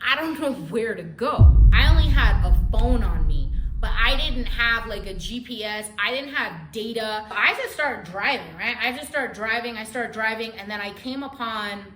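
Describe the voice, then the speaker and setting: Woman spilling a crazy story, cussing, voice jumps all over, kinda high, echoey room. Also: over music. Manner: animated, profane, fast-shifting storytelling. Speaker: vlogger telling a story. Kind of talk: casual storytime monologue.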